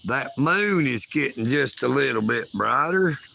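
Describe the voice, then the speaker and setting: A man's voice: medium pitch, animated, measured pace, vocal fry, pushed and bright, slight background noise. A man, chatting casually and folksily on a livestream outdoors at night. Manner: folksy, calls himself a hillbilly. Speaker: livestream host.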